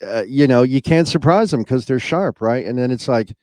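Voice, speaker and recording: A man's voice: mid-range voice, normal speed, a little mellow. Easygoing male interview host. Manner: easygoing, asks questions with many ums and uhs. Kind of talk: casual interview chat.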